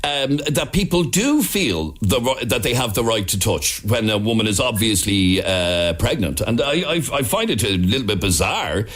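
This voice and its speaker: A man's voice: on the low side, sing-song, moderate pace, few pauses, a bit bright. A man with an Irish accent hosting a radio phone-in, talking with many hesitations and restarts. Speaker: radio talk show host.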